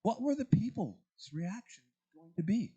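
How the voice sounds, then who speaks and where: A man's voice: high voice, very animated, normal speed, warm tone, husky, dull audio. Man teaching a church Bible class. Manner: conversational, questions to the class, frequent restarts.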